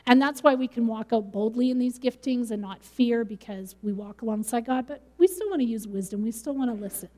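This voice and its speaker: A woman's voice: fairly high pitch, fairly quick, hardly any pauses, darkish tone, in a large hall. A middle-aged woman pastor preaching a sermon in a conversational way, with light laughs.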